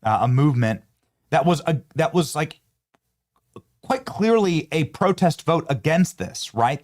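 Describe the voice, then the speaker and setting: A man's voice: a little high, lively intonation, measured pace, a little mellow. A man hosting a political commentary show, talking emphatically with sarcastic rhetorical questions. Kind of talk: opinionated commentary.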